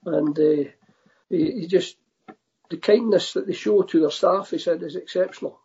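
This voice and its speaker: An older man with a Scottish accent, a guest telling football stories in a relaxed, easygoing way, on a dull lo-fi line. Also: high voice, normal speed, breathy edge. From Scotland. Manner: relaxed storytelling, says "aye". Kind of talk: casual interview over a remote line.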